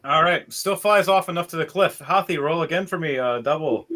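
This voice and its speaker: A man narrating a tabletop game as game master, animated and laughing often as he describes the action. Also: a little high. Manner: animated, laughs often, does quick voices.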